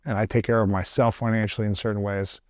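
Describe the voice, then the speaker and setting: A man's voice: lowish voice, little pitch movement, fast, no echo, clean studio sound. A man hosting an interview show, curious and affirming, asking probing follow-up questions. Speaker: podcast host. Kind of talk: interview conversation.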